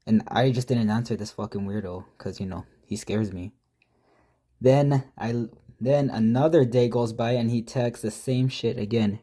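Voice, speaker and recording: A man's voice: medium pitch, fairly even intonation, moderate pace, warm tone. A man casually telling a prank story, reading out text messages with profane, mocking, exasperated commentary.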